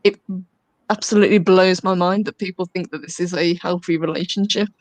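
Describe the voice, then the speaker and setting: A woman's voice: fairly low pitch, steady tone, brisk, darkish tone, no echo. A woman guest on a podcast, chatting casually and agreeably. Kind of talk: casual chat.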